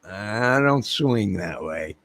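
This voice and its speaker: A man's voice: lowish voice, lively intonation, slow, fairly bright tone. A man hosting his own channel, telling a rambling comic story and laughing at his own jokes while acting out the quotes. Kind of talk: rambling comic anecdote to camera.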